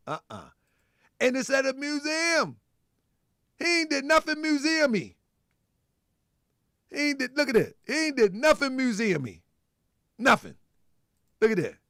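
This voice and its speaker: Loud animated livestream host, gravelly. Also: male voice, extremely high pitch, no room sound, studio quality. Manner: loud, laughing, repeats himself, talks to chat and callers.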